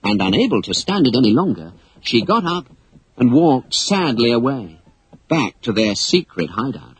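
A man reading a children's story aloud as narrator, in an expressive storybook style. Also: medium pitch, normal speed, slightly rough, dry recording, rough recording. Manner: animated, expressive read-aloud.

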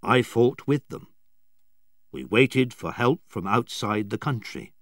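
A man voicing a proud old submarine captain who is dying, speaking slowly, firmly and gravely. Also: mid-range voice, lively intonation, no echo, studio quality. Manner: slow, firm and grave.

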